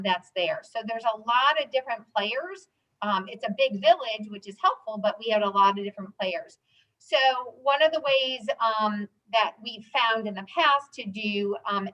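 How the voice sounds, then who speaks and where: A woman's voice: medium pitch, fairly bright tone. Woman educator presenting, dull audio. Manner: conversational, frequent ums and you knows. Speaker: rehab unit nurse educator. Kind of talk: informal presentation to colleagues.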